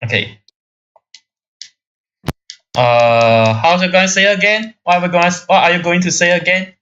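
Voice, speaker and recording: A man co-hosting a casual podcast, teasing and interrupting his partner. His voice is bright and tense, and sits a little high. A dull lo-fi mic takes the sparkle off the top. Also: normal speed, a little hiss or hum. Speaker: podcast co-host. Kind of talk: casual chat.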